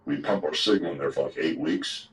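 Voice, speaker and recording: A man's voice: extremely low pitch, a little fast, rough recording. An older man telling rambling, profane stories in a casual interview. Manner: profane, rambling yarn-spinner. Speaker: guest telling old stories. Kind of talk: casual storytelling.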